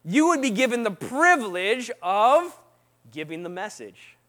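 A man's voice: sits high, measured pace. A man who is no longer young preaching a casual, conversational sermon, often quizzing his listeners with "right?" and "what?". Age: not young. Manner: lively, quizzes the audience with frequent "right?" and "what?".

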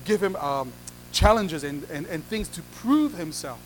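High-voiced man preaching with acted-out dialogues. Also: animated, a little slow, slight background noise, rough recording. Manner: acts out little dialogues, repeats phrases for emphasis. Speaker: pastor. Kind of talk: sermon.

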